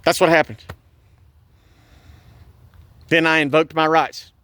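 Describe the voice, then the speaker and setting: A man's voice: on the high side, level tone, slow pace, fairly bright tone, smooth, no room sound. A man, recounting a police stop in an agitated, indignant way and repeating himself. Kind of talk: angry personal vlog.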